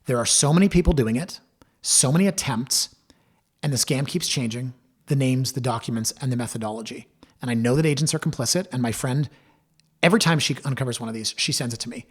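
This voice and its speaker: A man's voice: medium pitch, a little fast, slightly rough. A middle-aged man hosting a podcast, talking candidly and chattily to listeners, acting out quoted voices. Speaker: podcast host. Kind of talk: casual solo podcast talk.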